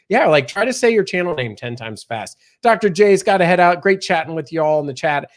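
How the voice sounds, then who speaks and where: A man's voice: fairly high pitch, sing-song, a little fast. Chatty man hosting a livestream. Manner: chatty, reads viewer comments aloud, many fillers. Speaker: livestream host. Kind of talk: casual live-stream chat and news reading.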